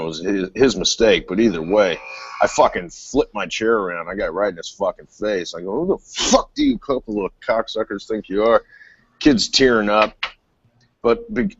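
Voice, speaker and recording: Man, very low voice, profane rambling storyteller; dry, dull lo-fi audio. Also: husky, dry recording. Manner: rambling, swears constantly, laughs while telling stories. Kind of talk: casual chat, profane storytelling. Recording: dull lo-fi sound.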